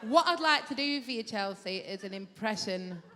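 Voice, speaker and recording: Performing live stand-up in a large theatre, a woman brashly teases and banters with the crowd. Her medium-pitched voice is lively and moderately paced. Hall reverb, crowd noise and audience laughter fill the noisy background.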